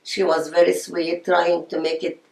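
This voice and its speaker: A woman's voice: fairly low pitch, little pitch movement, measured pace, gravelly, a little mellow. An older woman, telling her life story in an oral history interview. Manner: reminiscing, storytelling with quoted voices. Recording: echoey room.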